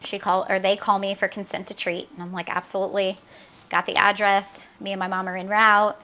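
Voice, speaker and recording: A middle-aged woman, interviewed, shares an emotional account of her daughter's story in a bright, forceful, mid-range voice with flat delivery. Her speech is earnest and halting, full of fillers and re-enacted conversations.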